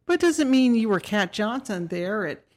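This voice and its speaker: A woman's voice: mid-range voice, expressive, moderate pace, a little mellow. A woman, co-hosting a casual talk show, teasing her partner with wry asides. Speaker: podcast co-host. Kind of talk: casual chat.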